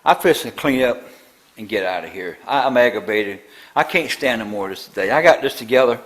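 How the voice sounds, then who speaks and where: A man's voice: medium pitch, lively intonation, fairly quick, a bit bright, rough recording. An older man, talking through a tractor build in his machine shop in a rambling, grumbling way. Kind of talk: casual workshop vlog.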